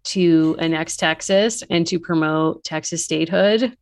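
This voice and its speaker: A woman's voice: deep voice, unhurried. A woman co-hosting a casual book chat, talking animatedly with lots of fillers. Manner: animated, filler-heavy, mimics characters in quotes. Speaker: podcast co-host. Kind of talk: casual chat about books.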